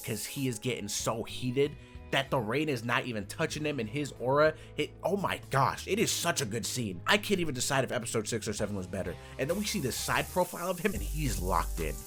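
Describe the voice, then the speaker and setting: Animated young man reviewing anime. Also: mid-range voice, fairly quick, faint music behind. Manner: animated, jumps into loud excited bursts and laughs. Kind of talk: casual review vlog.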